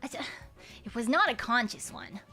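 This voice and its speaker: A woman's voice: fairly high pitch, expressive, moderate pace, sharp tone, soft background music. A young woman streamer in casual chat with her viewers, loose and giggly, swearing freely and humming while she reads chat. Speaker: VTuber streamer chatting with viewers.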